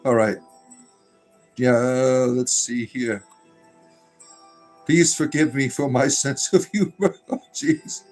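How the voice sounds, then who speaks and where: A man's voice: mid-range voice, slow, long pauses, soft background music. A man hosting a casual livestream, reading chat messages aloud in a joking, irreverent way and laughing often.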